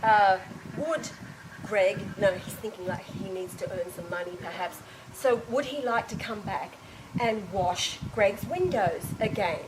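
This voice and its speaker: Unhurried and medium-pitched, this woman shares a spiritual story as casual spoken testimony, with noise in the background. She voices other people's lines in an animated retelling and laughs frequently.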